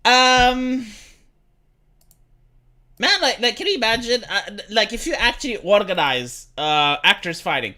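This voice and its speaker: A woman's voice: on the high side, very animated, measured pace, pauses often, sharp tone. A woman live streamer doing casual reaction commentary, sarcastic and profane, often stumbling over repeated words.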